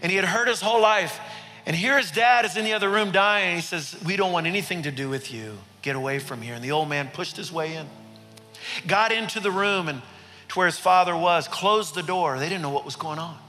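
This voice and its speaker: A man's voice: high-pitched, brisk, sharp tone. A male pastor telling a story in a sermon, building dramatic intensity. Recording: reverberant hall with faint music.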